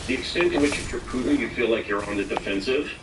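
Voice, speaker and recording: A man's voice: mid-range voice, quick pace, echoey room, distant mic, background noise. A man speaking as an interview guest, rambling with many fillers and acting out quotes. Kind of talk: casual interview talk.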